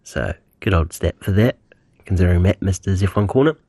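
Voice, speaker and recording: New man, deep voice, cheerful voice message, dry close sound. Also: lively intonation, fairly quick, mellow, dry recording. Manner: friendly, matey. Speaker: caller. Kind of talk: phoned-in voice message.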